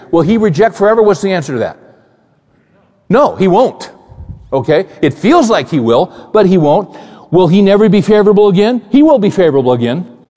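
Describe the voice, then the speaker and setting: A man preaching a sermon in a church, talking conversationally and repeating phrases for emphasis. His voice sits fairly high and sounds mellow and warm. The sound carries a long hall reverb. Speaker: pastor.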